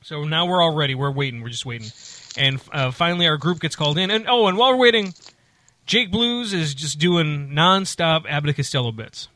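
A man with a bright, forceful voice, pitched slightly high for a male, tells a casual story in a dry, close-sounding room. He rambles animatedly and keeps restarting, slipping into quick voices to act out the people he quotes.

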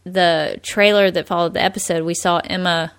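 A woman co-hosting a podcast, talking casually and laughing as she goes. Her voice sits on the lower side, and the recording is dry with no room sound. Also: steady tone, normal speed, smooth, dry recording. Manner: chatty, laughs often, many likes and ums. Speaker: podcast co-host.

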